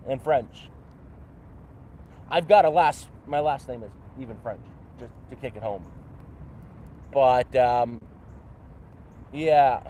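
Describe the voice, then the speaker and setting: A man's voice: a little high, darkish tone, a little hiss or hum. A Canadian man with a Canadian accent, casually chatting on an outdoor livestream at a campsite, rambling and self-mocking with a playful "eh" and "bud". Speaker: livestream host.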